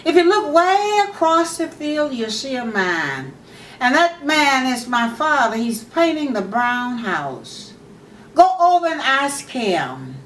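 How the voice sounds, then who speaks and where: Bossy little girl, read by a woman storyteller; slow, high, distant mic. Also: very animated, a bit bright, a little hiss or hum, full character voice. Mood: dismissive. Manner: dismissive, then helpful. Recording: echoey room, mic far off.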